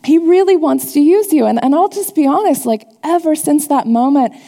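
A woman's voice: high-pitched, animated, normal speed, warm tone. A woman giving a sermon to her church, telling a personal testimony in an earnest, confessional way before turning to teach the congregation. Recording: long hall reverb.

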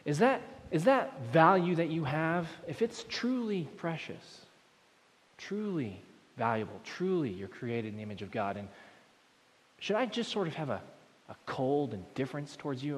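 A man preaching a sermon to a congregation, moving between loud emphatic points and quiet, low asides. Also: sing-song, normal speed. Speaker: pastor. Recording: long hall reverb.

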